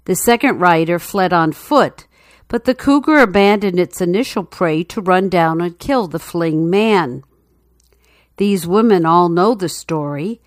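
Woman, lowish voice, dramatic suspenseful true-story narration, dry close recording. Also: unhurried, no echo.

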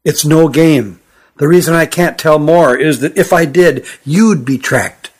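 A man voicing a sturdy young man who is frightened and secretive, speaking in a hushed, urgent, pleading way. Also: on the high side, a little slow, slightly rough. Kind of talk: audiobook character voice.

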